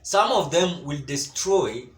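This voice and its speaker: Emphatic Kenyan man, lively pitch. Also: slow, echoey room. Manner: emphatic, repetitive, with stumbles and repeated words. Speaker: political commentator. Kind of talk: solo political commentary.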